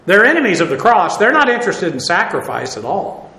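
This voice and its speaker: High-voiced man preaching a folksy sermon. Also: wildly swooping pitch, a little fast, pushed and bright, roomy sound, poor audio. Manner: conversational, folksy, with frequent "uh" and asides.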